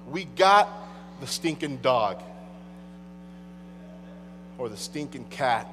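A man's voice: mid-range voice, lively intonation, slow pace, pauses often, a bit bright. A man preaching a sermon, emphatic and wry in a conversational way. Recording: long hall reverb, faint mains hum.

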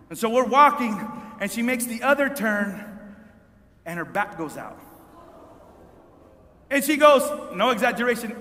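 A man tells a long, animated story from the pulpit in a high, bright voice, stumbling over repeated words as he goes. The sound carries a long reverb from a big hall. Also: moderate pace. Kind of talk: storytelling sermon. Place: large hall with an audience.

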